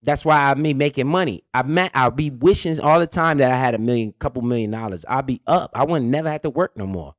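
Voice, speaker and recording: A man's voice: mid-range voice, quick pace, hardly any pauses, no room sound. A man hosting a finance livestream, explaining things bluntly with lots of profanity and asking and answering his own questions. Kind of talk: casual explanatory livestream talk. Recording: dull lo-fi stream audio.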